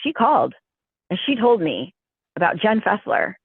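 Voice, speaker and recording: Woman, animated gossip storyteller, swears, phone-line sound, dry. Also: mid-range voice, moderate pace, creaky, breathy edge, no room sound. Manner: animated, acts out quotes, swears freely. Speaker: podcast guest, gossip source. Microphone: telephone.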